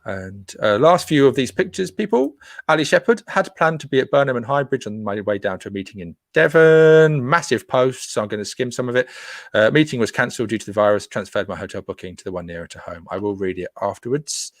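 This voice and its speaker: A man with a medium-pitched, expressive voice speaks briskly as he hosts a casual live stream, reading viewer comments aloud and joking with listeners in a chatty, playful way. The recording has studio quality with no room sound.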